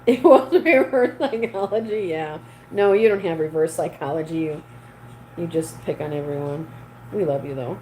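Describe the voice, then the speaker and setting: A woman's voice: low-pitched, moderate pace, darkish tone, a little hiss or hum, poor audio. A woman hosting a casual livestream, chatting with viewers and reading their comments aloud. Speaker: livestream host. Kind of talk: casual live chat with viewers.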